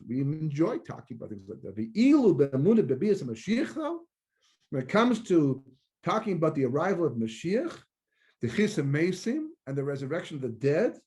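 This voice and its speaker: A rabbi and teacher gives a Torah lecture in a conversational way, often repeating words and mixing in Hebrew terms. His voice is a little high and a little mellow.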